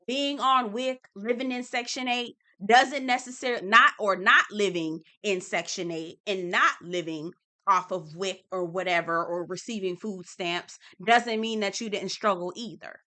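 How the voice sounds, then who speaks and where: A woman hosting a casual reality TV recap, sassy, emphatic and quick to swear. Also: medium pitch, pushed and bright. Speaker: TV recap host.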